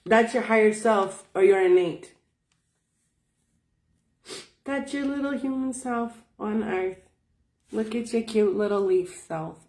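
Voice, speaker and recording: A woman's voice: medium pitch, a little slow, darkish tone, recorded from a distance. A woman teaching spiritual wellness in casual talk, folksy and emphatic, swearing freely. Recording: roomy sound from off-mic.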